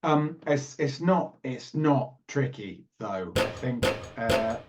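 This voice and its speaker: A man's voice: mid-range voice, animated, slow. A man co-hosting a casual podcast, talking in a playful, rambling, teasing way. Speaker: podcast co-host. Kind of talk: casual chat.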